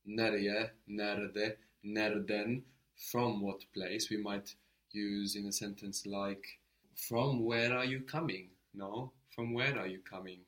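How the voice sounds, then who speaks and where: A man's voice: fairly low pitch, level tone, slow, a bit bright. A man teaching a language lesson, explaining step by step and prompting his student to answer.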